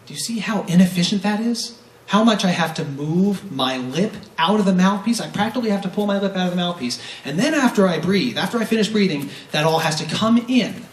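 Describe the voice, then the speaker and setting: A man's voice: high voice, expressive, brisk. A man teaching a brass masterclass, explaining breathing with rhetorical questions and demonstrating vowel sounds. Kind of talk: masterclass lecture. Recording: roomy echo from a distant mic, faint noise.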